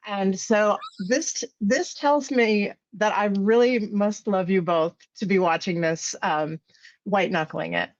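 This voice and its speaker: A woman journalist and podcast host, raspy from a cold, giving thoughtful casual commentary as a guest on a live panel. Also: medium pitch, takes it slowly, highs cut off. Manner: thoughtful, explains at length with fillers.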